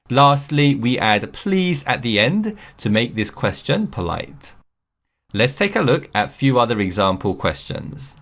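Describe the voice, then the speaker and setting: Lively-voiced man teaching English phrases. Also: mid-range voice. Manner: slow, clear model phrases for learners to repeat. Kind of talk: scripted lesson narration.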